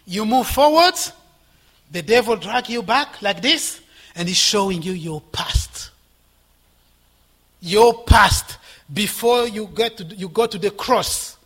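A man preaching a sermon with passion, swinging from loud exhortation to hushed whispers. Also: high voice, animated, slow, long pauses, breathy edge.

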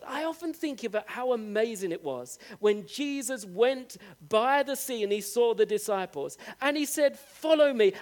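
A male preacher with a strikingly high voice delivers a sermon. He speaks earnestly and straight to his listeners. He leans on key phrases, drawing them out and lifting his pitch for emphasis. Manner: earnest, direct address to the congregation; rises with emphatic, drawn-out phrases.

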